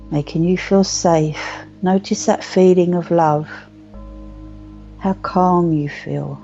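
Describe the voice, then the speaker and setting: A woman talks a group through a guided meditation, her low voice gravelly and unhurried, repeating gentle cues. The sound is dull and lo-fi, with soft music underneath. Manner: slow, soothing, repetitive guidance. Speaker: meditation teacher. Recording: muffled lo-fi recording with faint music.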